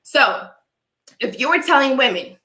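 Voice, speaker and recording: A woman's voice: high-pitched, expressive, unhurried, sharp tone, echoey room, rough recording. A young adult woman with a dry cough from allergies, preaching her opinions to live chat and often asking "all right?". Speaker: vlogger talking to live chat. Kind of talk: casual opinion livestream.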